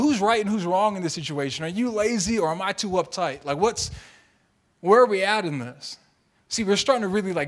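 Animated young man preaching, fairly high voice. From Tongan and Mexican heritage. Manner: animated storytelling with lively mimicry. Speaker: pastor. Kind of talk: sermon.

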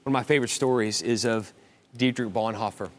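Earnest pastor preaching, halting restarts. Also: male voice, medium pitch. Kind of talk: sermon. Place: church auditorium.

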